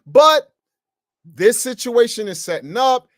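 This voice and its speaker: A man teaching the Bible, slangy and emphatic, his voice a bit high. He pushes hard on key words. The sound is dry and close. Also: expressive, a little slow, no room sound.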